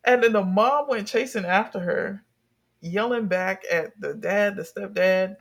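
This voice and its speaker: A young adult in a casual chat, telling a story with lively energy and plenty of swearing. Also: mid-range voice, unhurried. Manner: animated storyteller, swears freely.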